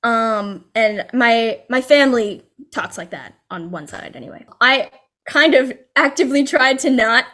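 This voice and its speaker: Chatty high-voiced young woman. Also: animated, a little slow, sharp tone. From New Jersey, USA. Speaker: guest. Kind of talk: casual interview chat. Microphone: video call.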